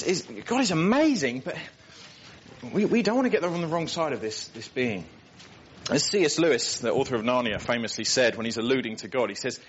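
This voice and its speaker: A man's voice: a little high, fairly bright tone, slight background noise. A man preaching a sermon, earnest and emphatic, often repeating words as he builds a point. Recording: dull lo-fi recording.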